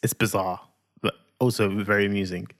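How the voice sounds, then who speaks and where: A man's voice: on the low side, level tone, brisk, fairly bright tone. A man co-hosting a casual podcast with his wife, talking in a laid-back, teasing way. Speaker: podcast co-host.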